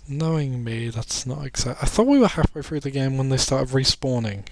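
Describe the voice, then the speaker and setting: A man's voice: mid-range voice, lively intonation, normal speed, a little mellow, no echo. A sleepy man commentating a video game, rambling and making self-deprecating jokes between muttered asides. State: sleepy, yawning. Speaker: let's play commentator.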